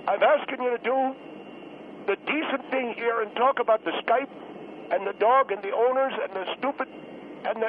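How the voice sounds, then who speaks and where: An actor playing a fussy, indignant priest who calls in to a radio talk show, rambling and exasperated. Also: male voice, very high voice, a little hiss or hum. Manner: exasperated, rambling, repeats himself. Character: fussy old male priest caller, indignant. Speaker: priest calling in. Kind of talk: comedic radio call-in sketch. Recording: tinny phone line.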